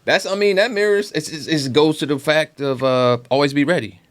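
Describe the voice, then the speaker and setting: A man's voice: a little high, brisk. A man hosting a casual chat as a professor, encouraging and giving advice on being ready. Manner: encouraging, gives short affirmations and teaching advice. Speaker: podcast host and professor.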